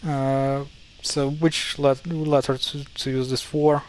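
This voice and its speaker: A Ukrainian-accented male language teacher casually explains how words are pronounced in a mid-range, level voice. He thinks aloud, halting and correcting himself often, and the recording is low quality.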